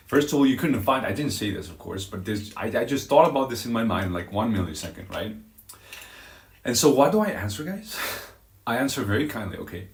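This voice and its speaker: Animated man telling a dramatic story. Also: mid-range voice, brisk, roomy sound. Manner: animated, dramatic retelling with crude language. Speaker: streamer. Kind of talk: storytelling chat on a live stream. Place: outdoors on a walk.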